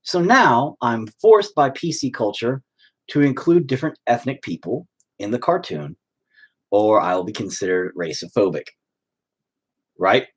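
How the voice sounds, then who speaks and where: A man ranting in a rambling, stop-start monologue, swearing freely. His voice is husky and very animated, rising and dipping as he goes. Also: mid-range voice, measured pace. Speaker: vlogger.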